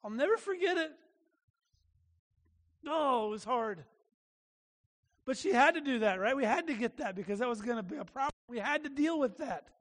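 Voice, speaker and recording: A man's voice: extremely high pitch, animated, moderate pace, long pauses, fairly bright tone. A man preaching a sermon as a pastor, earnest and emphatic, often restarting his phrases. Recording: long reverb of a large hall.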